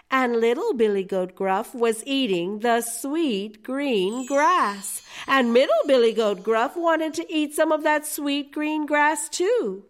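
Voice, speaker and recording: A woman telling a children's story in a playful, expressive way, talking to her listeners. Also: fairly high pitch.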